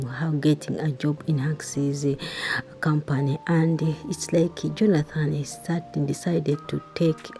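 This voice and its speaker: Low, mellow-voiced woman retelling a film. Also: creaky. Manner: halting, restarts, quotes characters' lines. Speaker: movie recap reviewer. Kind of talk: casual retelling of a film plot.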